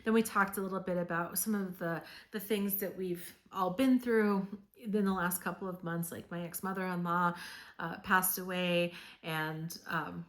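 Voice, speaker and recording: Low-voiced woman giving a casual tarot reading. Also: steady tone, normal speed, fairly bright tone. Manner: chatty and meandering, with frequent "um" and "like"; earnest and reassuring. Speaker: tarot reader.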